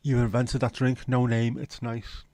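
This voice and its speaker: A man in his fifties runs a livestream, bantering in a relaxed way with dry jokes and an occasional swear. His medium-pitched voice is warm but flat in delivery and a bit slow, recorded with no room sound.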